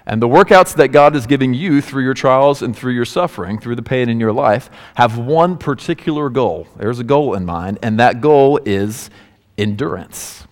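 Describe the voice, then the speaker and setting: A man's voice: mid-range voice, lively intonation, normal speed. A man, a pastor, giving a sermon and telling a personal story, acting out the voices of the people in it. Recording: hall reverb.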